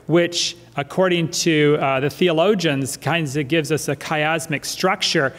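A man's voice: on the high side, steady tone, a little slow, fairly bright tone. A male pastor preaching a sermon in a church, emphatic and fond of repeating his key phrases. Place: church sanctuary. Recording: church hall reverb.

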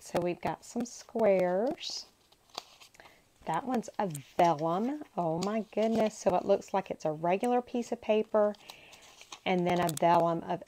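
A woman's voice: lowish voice, dark tone, a little hiss or hum, low-quality recording. A woman hosting a crafting channel, chatting casually and gushing to herself as she unboxes paper supplies. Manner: gushing, talks to herself while handling paper.

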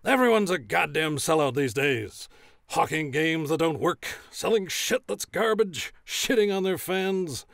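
A man voicing a blustering profane arena announcer, gravelly, lively pitch, dry close sound. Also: measured pace, dry recording, heavily acted. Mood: ranting. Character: gruff hard-drinking male arena announcer, profane and cocky. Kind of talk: comedy sketch of a commercial recording.

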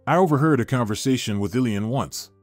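A man's voice: mid-range voice, brisk, dry recording, faint music behind, close to an everyday voice. Guy narrating anxious young man, reassuring, dry sound. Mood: worried. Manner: babbling, reassuring. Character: young man, worried and eager.

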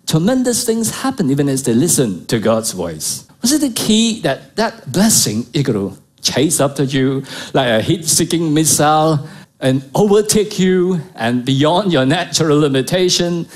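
Delivering a sermon, this fairly high-pitched, middle-aged pastor is emphatic, asking his congregation rhetorical questions and driving home key phrases through repetition.

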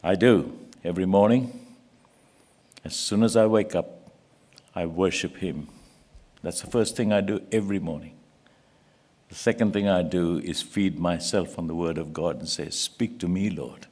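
A man's voice: low voice, moderate pace, pauses often, a little mellow. A man preaching a sermon in a church, earnest and pleading, rising to emphatic peaks.

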